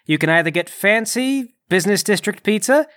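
A man's voice: high-pitched, lively intonation, fairly quick, a bit bright. A man playing a tabletop game, talking in a wry, rambling way. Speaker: player.

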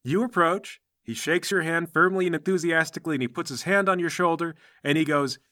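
A man's voice: a little high, a little fast, few pauses, sharp tone. Man telling a second-person story. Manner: conversational, casual. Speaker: narrator.

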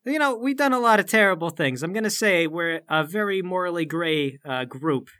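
A man's voice: high voice, animated, moderate pace, sharp tone, smooth. A man playing his character in a tabletop game, talking in a hesitant, wry way with many stammers. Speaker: player.

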